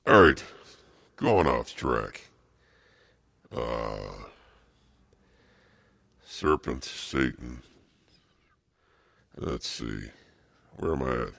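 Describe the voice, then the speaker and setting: A man preaching a rambling sermon, halting and repetitive, with many fillers and restarts. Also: extremely low pitch, animated, vocal fry, a bit bright.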